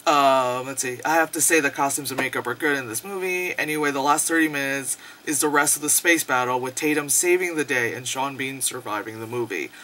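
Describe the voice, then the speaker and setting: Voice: mid-range voice, brisk, hardly any pauses, sharp tone, slight background noise. A young adult movie reviewer giving a casual, profane, sarcastic rant and laughing often.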